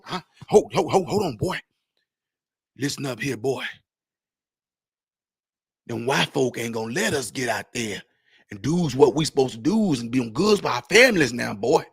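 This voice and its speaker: A man voicing an old man who scolds and hushes a younger man, in a drawling voice. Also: on the high side, slightly rough, exaggerated voice.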